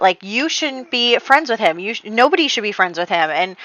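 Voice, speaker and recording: A woman's voice: a little high, animated, bright, forceful tone, rough recording. A woman casually recapping her Sims story, chatty and full of "like", quoting her characters as she goes. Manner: chatty, quotes characters in quick voices, lots of "like". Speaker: Sims gameplay narrator.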